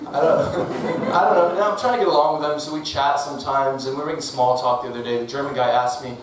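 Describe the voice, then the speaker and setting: A man performing a stand-up comedy set on a club stage, delivering jokes deadpan with laughing asides. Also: medium pitch, fast talker, few pauses. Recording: echoey club from a distant mic, audible noise.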